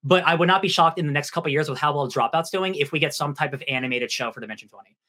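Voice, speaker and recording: A man co-hosting a podcast in casual, animated conversation. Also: on the high side, rapid-fire. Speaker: podcast co-host. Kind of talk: casual chat.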